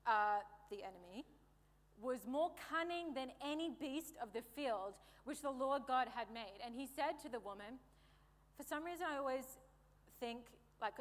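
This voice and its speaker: A woman's voice: high-pitched, expressive, normal speed, fairly bright tone. A woman preaching a sermon in a playful, conversational way, joking with the congregation. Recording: reverberant hall.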